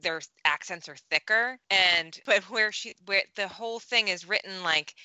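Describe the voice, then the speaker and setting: Bright-voiced chatty woman. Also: medium pitch, moderate pace, clear, resonant tone, dry recording, lo-fi sound. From Pennsylvania, USA. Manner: chatty, rambling storyteller. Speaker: podcast co-host, travel agent. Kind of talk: casual chat.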